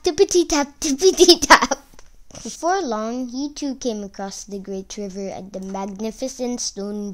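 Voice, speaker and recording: A woman narrating a fairy tale aloud for children, reading slowly and with expression. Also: medium pitch. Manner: slow, expressive read-aloud. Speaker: storyteller. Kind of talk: storybook narration.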